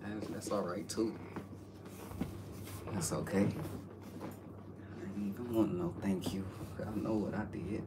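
A man's voice: low voice, steady tone, unhurried, pauses often, noisy background. A man in joking banter, teasing and bossing his friend around playfully. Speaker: co-host.

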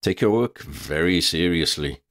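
A man's voice: low voice, lively intonation, a little slow, a bit bright, no room sound. Mock-solemn middle-aged wizard uncle, read by a man; formal and wordy, dry close sound.

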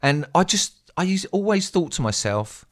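An English man telling a rambling, sweary story in a casual, animated way as a streamer. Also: sits high, normal speed. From England.

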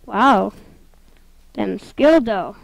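A woman giving casual, excitable gameplay commentary, giggling and talking to the game as she plays. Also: mid-range voice, very slow, gravelly, no echo, rough recording.

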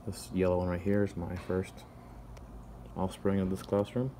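A low-voiced man talks flatly through a casual show-and-tell of his fish tanks, pausing between loose phrases. His tone is dark and mellow, with a light hum of noise behind him. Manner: halting, loose descriptions with pauses. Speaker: classroom teacher showing fish tanks.

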